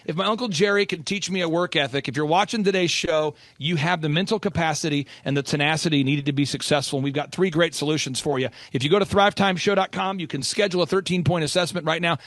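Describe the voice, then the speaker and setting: A high-pitched man races through his stories as a podcast host, animated and playful, often putting on folksy voices. His voice is dry and close, with no room sound. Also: dry recording. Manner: animated storyteller, acts out folksy quotes. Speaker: host and business coach. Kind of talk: energetic podcast talk with playful impressions.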